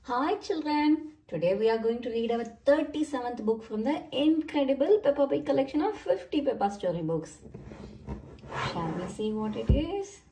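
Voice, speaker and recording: A woman reading a children's storybook aloud, speaking slowly and addressing children. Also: fairly high pitch, expressive, noisy background. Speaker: storybook reader. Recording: echoey room, far from mic.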